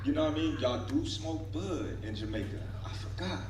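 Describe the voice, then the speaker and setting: A man's voice: fairly high pitch, animated, a little fast, darkish tone. A man from the United States, a boxer at a press conference, trash-talking in a slangy, boastful, playful way. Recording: echoey hall mic, far off, crowd noise.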